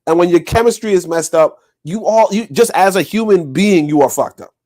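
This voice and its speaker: A man co-hosting a livestreamed podcast, talking in a loose, profane, animated way and laughing often. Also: high-pitched, fairly quick. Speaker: podcast co-host. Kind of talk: casual livestream chat.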